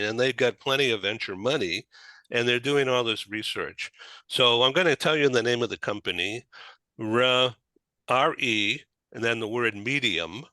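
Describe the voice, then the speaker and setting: A man hosting a talk show in a loose, rambling way, with a Boston accent. His voice is bright and forward, and it sounds dry and close to the mic with no room echo. He talks at a middle pitch and restarts his sentences often. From Boston area, USA. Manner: rambling, chatty, many restarts. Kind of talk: casual chat.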